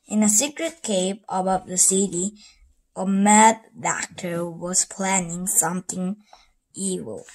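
Woman slowly reading a storybook aloud. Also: on the low side, a little mellow. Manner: slow, careful reading with small slips and restarts. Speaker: storybook reader. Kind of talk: reading a children's book aloud.

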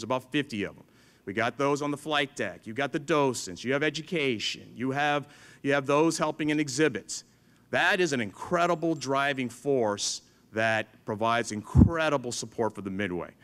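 A man's voice: medium pitch, fairly bright tone. A middle-aged man, a museum chief engineer, telling stories to an audience and acting out dialogue. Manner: storytelling, acts out dialogue with others. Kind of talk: animated speech to an audience.

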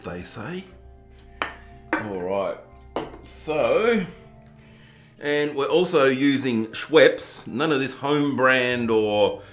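A man from southern Tasmania with an Australian accent reviews drinks for his home video channel, his medium-pitched voice a touch bright. He's chatty and jokey, mocking himself and hamming up the poshness for laughs. The recording has a roomy echo and faint music in the background.

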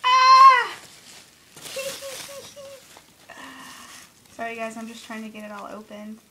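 A woman's voice: on the high side, quick pace, slight background noise, rough recording. Gushing woman unboxing craft goodies. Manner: gushing, excitable, squeals and gasps. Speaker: craft vlogger. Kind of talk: casual unboxing chat.

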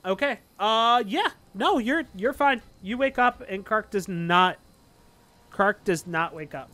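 A man's voice: high voice, expressive, a little slow, sharp tone. A man running a tabletop game as game master, narrating loosely with lots of fillers. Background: faint background music.

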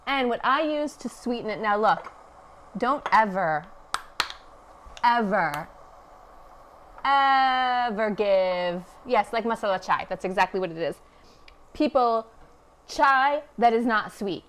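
A woman's voice: fairly high pitch, expressive, slow, long pauses, a bit bright, a little hiss or hum. A woman from Afghanistan hosting a casual cooking livestream from her home kitchen, chatty and wry, with a teasing humor. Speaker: cooking show host. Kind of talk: casual live-stream cooking chat.

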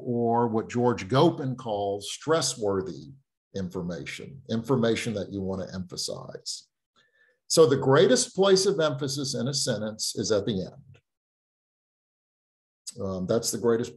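Lively-voiced man lecturing on writing. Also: medium pitch. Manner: conversational, thinks aloud with fillers and restarts. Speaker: writing instructor. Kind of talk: online lecture.

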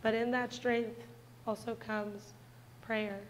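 A woman's voice: a little high, level tone, slow, slight background noise, low-quality recording. Earnest young woman sharing a church testimony. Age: 20s. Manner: earnest, heartfelt storytelling that addresses the congregation directly. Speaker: church speaker giving a testimony. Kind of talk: personal testimony in a church service.

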